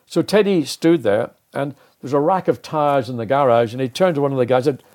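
Older male guest, animated storyteller, plays out the quotes. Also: mid-range voice, a little fast, hardly any pauses. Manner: animated, acts out quoted dialogue. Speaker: interview guest, former racing driver. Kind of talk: anecdotal storytelling.

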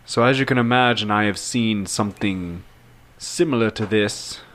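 A man playing a tabletop game, calmly describing his character and speaking for him at length. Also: on the low side, moderate pace. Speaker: player. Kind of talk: tabletop role-play.

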